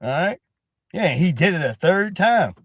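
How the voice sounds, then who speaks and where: A man talks casually on his own live stream, his voice pitched high and swinging widely as he tells a story. He keeps checking in with the listener with "all right?" after almost every sentence and slips into little impressions of the people he quotes. The sound is close and dry, with no room around it. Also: measured pace, no room sound. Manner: repeats "all right?" constantly, animated storytelling, acts out quotes. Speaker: host.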